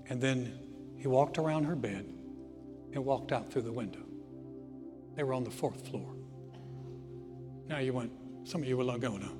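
A man in his sixties preaching a sermon, alternating emphatic, swelling declarations with anecdotes told with repeated words and restarts. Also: mid-range voice. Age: 60s. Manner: emphatic preaching that swells loud on key lines, with stories in between. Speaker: pastor. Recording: long hall reverb with faint music.

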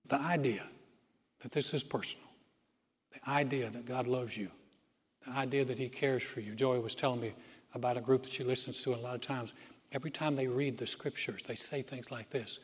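A male pastor preaching a sermon in a church auditorium, telling stories earnestly and dropping to soft, quiet phrases. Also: medium pitch, fairly even intonation, slightly rough. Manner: earnest storytelling with dramatic pauses, softening to near-whisper. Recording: reverberant hall with music behind.

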